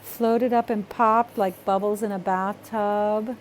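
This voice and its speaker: A woman's voice: mid-range voice, slow pace, slight background noise. Chatty woman teaching an art project. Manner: chatty, self-talking, apologetic and excitable. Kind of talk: casual craft tutorial.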